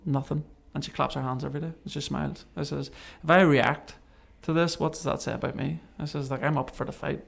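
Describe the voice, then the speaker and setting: Guy, gravelly voice, chatty story mode, does all the voices in his story. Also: on the high side, fairly quick, hardly any pauses. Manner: animated, acts out remembered dialogue. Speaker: podcast guest. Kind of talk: casual storytelling interview.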